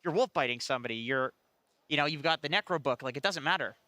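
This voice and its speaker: A man's voice: fairly high pitch, expressive, fast talker, sharp tone, dry recording. A man on an esports panel, casual and joking while he breaks down picks. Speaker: esports analyst. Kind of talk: panel analysis.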